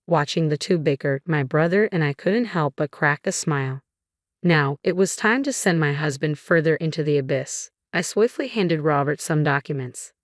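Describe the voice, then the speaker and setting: A woman narrating a first-person drama story in an even, measured delivery. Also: low voice, no echo, clean studio sound.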